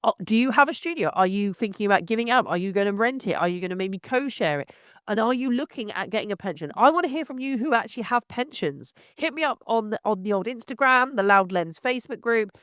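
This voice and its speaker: A woman's voice: a little high, animated, fast talker, fairly bright tone, no echo, studio quality. A woman sounding unwell as she hosts a solo podcast, ranting in a blunt, exasperated way. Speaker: podcast host.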